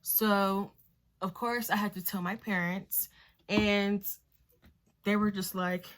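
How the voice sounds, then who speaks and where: While doing her makeup, a young beauty vlogger chats through a story, full of fillers and acting out quoted voices. Her medium-pitched voice is level, slow, and a bit bright.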